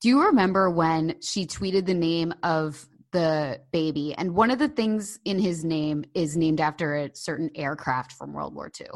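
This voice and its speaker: A woman co-hosts a casual podcast, chatting in an animated, gossipy way. Her voice sits somewhat low, and she scatters "like" through her sentences. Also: normal speed, few pauses. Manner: chatty, animated, frequent "like" fillers. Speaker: podcast co-host. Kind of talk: casual chat.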